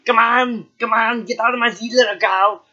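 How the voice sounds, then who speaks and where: A young man putting on a gruff action-hero voice, barking orders in a pushy way, on a dull lo-fi recording. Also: extremely high pitch, fairly even intonation, normal speed, sharp tone, pitched above the performer's own voice, full character voice. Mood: bossy.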